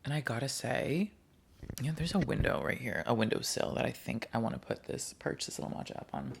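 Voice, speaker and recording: Gravelly-voiced man rambling on a solo podcast. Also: mid-range voice, big pitch swings, brisk, slight background noise. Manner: rambling, chatty, easily sidetracked. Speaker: podcast host. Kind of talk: casual solo podcast chat. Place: living room couch at home.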